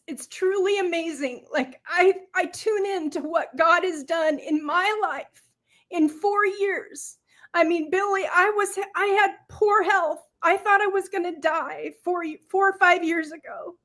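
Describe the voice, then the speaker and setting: A woman with a high voice talks as a podcast guest in a heartfelt, faith-filled way. She is earnest and emotional and sometimes sounds choked up. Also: takes it slowly, fairly bright tone. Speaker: guest, product seller.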